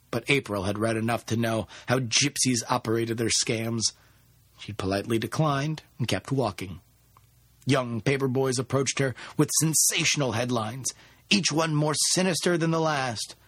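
Husky male audiobook narrator. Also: mid-range voice, normal speed, no echo. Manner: expressive storytelling.

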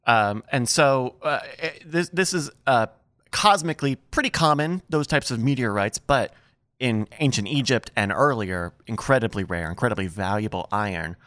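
A man hosting a casual podcast chat, explaining things in a relaxed way. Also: medium pitch, moderate pace, dry recording. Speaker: podcast host.

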